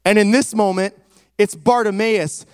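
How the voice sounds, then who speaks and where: A man's voice: high-pitched, steady tone, a little slow, clear, resonant tone, no echo, studio quality. A man preaching a sermon with emphasis, retelling a scripture story and calling out to his congregation.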